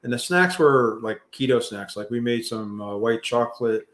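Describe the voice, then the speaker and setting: A middle-aged man hosting a relaxed live chat, drifting from thought to thought with plenty of ums and restarts. His voice sits at an ordinary middle pitch for a man, and he pokes fun at himself as he goes. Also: normal speed. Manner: rambling, many fillers and restarts, self-deprecating. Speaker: livestream host. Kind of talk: casual live chat reading viewer comments.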